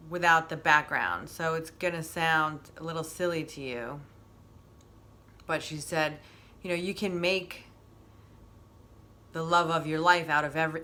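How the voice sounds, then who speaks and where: Middle-aged woman just chatting to camera, kinda rambly and emotional, lowish voice but really bright. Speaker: wellness stream host. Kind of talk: casual chat.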